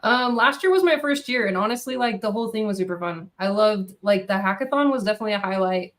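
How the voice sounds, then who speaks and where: A woman's voice: mid-range voice, expressive, quick pace, a bit bright. A young woman appearing as a developer guest on a video call, casual and easily distracted, talking with many fillers. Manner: giggly, distracted, lots of "like" fillers. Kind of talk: casual chat.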